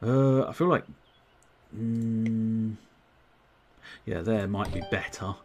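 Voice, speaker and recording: A man's voice: fairly low pitch, slow pace, soft background music. A man casually commenting on a board game he plays live, chatty and self-mocking, with plenty of swearing. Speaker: livestreamer playing board games. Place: at home.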